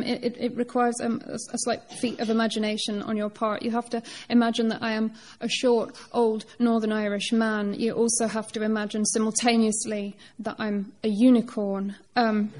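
A woman poet reads her work aloud at a live event. Her delivery is measured and deliberate, with a flat, even pitch. Her tone is mellow and dark. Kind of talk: live poetry reading.

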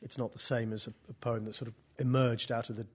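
A man with a husky, medium-pitched voice and little pitch movement leads a poetry class. He speaks in halting bursts, frequently restarting and repeating words, and slips in dry, wry asides. He shifts between loose teaching talk and reading aloud from his own book.

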